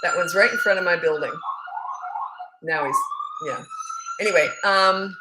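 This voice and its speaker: A middle-aged woman coaching parents in a relaxed livestream chat, her voice in an ordinary middle register. She talks in a loose, storytelling way, often breaking into laughter. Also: medium pitch, normal speed, heavy background noise.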